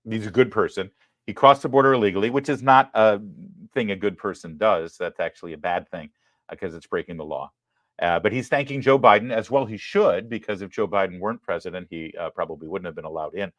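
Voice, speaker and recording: A man hosting a live political commentary show, talking in a sarcastic, emphatic way with quick apologetic asides. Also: lowish voice, animated, fairly bright tone, dry recording, studio quality. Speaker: host.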